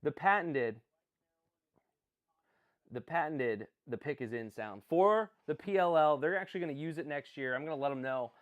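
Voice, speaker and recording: Excitable rambling young man streaming. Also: fairly high pitch, moderate pace, dull audio. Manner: excitable, rambling, self-correcting. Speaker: live-stream host. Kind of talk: live-streamed draft commentary.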